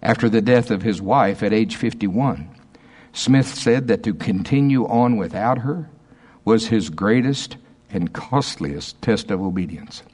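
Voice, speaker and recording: A man preaching in a lowish voice, earnest and emphatic. He reads quoted passages slowly and breaks off to check in with his listeners. His delivery is that of a pastor giving a sermon. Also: expressive, a little mellow, breathy edge.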